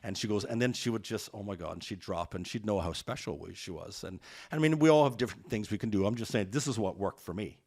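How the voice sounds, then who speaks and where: A man telling stories as a guest in a podcast interview, energetic and rambling. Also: on the low side, fast. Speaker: guest realtor.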